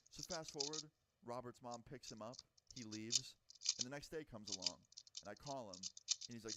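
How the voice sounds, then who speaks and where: A young man tells a personal story in a casual, blunt way, swearing freely and acting out what people said. His voice sits in the middle range for a man. A loud hiss of background noise runs under it. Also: medium pitch, fast talker. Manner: blunt, profane, chatty retelling with acted-out quotes.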